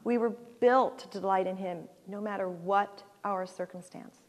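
A woman in her sixties, a guest speaker at a church, gives an earnest, heartfelt personal talk with halting restarts before closing in prayer. Her voice is medium in pitch. The sanctuary's large hall adds a long reverb.

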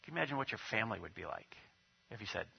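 Male pastor, lowish husky voice, storytelling sermon style; muffled lo-fi church audio. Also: sing-song, rapid-fire. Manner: storytelling with acted quotes, leading prayer and liturgy.

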